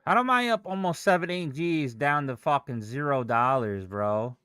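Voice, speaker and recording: A man's voice: mid-range voice, expressive, normal speed, sharp tone, smooth, no echo, clean studio sound. A young man livestreaming his day trading, cursing and venting in exasperated outbursts. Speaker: day trader streaming live. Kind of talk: live trading stream, frustrated ranting.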